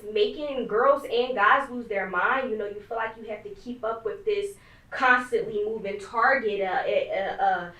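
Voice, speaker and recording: Animated woman co-host, echoey room. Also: mid-range voice, normal speed, far from the mic. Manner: animated storyteller, repeats words when excited. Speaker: podcast co-host. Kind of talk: casual conversational podcast.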